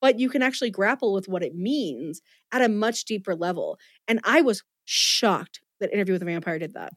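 A woman's voice: medium pitch, animated, brisk, no echo. Enthusiastic woman, dry close sound. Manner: enthusiastic, self-deprecating, rambling restarts. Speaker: podcast co-host. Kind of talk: casual chat.

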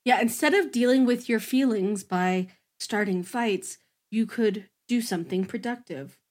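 A young woman chatting casually as a podcast co-host, laughing often and acting out characters in quick bursts. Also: on the high side, a little mellow. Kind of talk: casual chat.

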